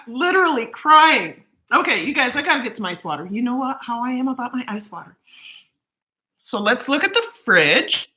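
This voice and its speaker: A cooking vlogger talks casually to the camera in her home kitchen, eating as she goes and gushing emotionally. Her voice is on the high side with big pitch swings, a moderate pace and a sharp tone, captured in a reverberant, low-quality recording.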